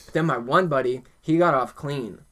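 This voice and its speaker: A man's voice: mid-range voice, moderate pace. Profane young man telling stories. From New Jersey. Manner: swearing, animated anecdote telling. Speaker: podcast host. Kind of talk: casual storytelling chat.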